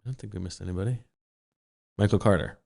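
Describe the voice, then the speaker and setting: Deep-voiced deadpan male podcast co-host. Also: fast, creaky. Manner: flat, deadpan delivery. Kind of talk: casual sports chat.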